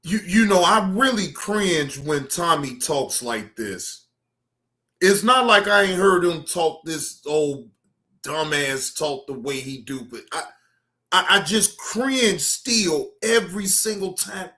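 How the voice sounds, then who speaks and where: A man hosting a reaction video, rambling through exasperated casual commentary. He talks slowly with a high, bright voice that has a tense edge. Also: lively intonation. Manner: slow, rambling, exasperated asides.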